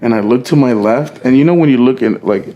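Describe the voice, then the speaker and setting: A man's voice: mid-range voice, brisk, dark tone, muffled recording, a little hiss or hum. A young man co-hosting a podcast, telling a story among friends in a casual, profane, slangy way and acting out the quoted dialogue. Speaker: podcast co-host.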